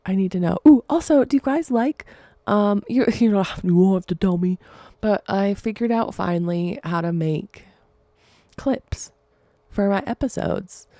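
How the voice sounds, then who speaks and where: A woman's voice: mid-range voice, measured pace, warm tone, no room sound. A young adult woman hosting her own podcast, talking alone in a rambling, chatty way and often laughing. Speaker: podcast host. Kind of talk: casual solo podcast chat.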